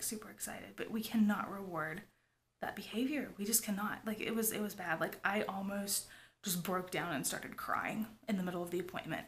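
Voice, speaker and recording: A woman, talking to her viewers in a rambling, confiding way, often dropping to a whisper. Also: medium pitch. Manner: rambling, confiding, lots of "like" and "you guys", often drops to a whisper. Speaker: family vlogger. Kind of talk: confessional vlog talk.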